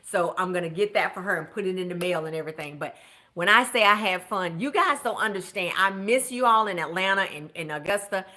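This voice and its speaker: A woman, a budget coach chatting casually with viewers in an animated way, shouting out greetings to them. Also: fairly low pitch, brisk. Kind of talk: casual live-stream chat.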